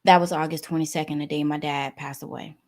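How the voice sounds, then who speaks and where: A woman guest telling a personal story in a lively way, acting out the dialogue. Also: deep voice, quick pace. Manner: animated, acts out dialogue.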